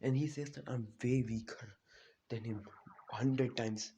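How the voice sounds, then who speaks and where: A man's voice: medium pitch, fairly even intonation, unhurried, dark tone, husky. A man casually retelling a fan story in a rambling, unpolished way, full of "you know" and "like". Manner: loose, unpolished delivery with restarts.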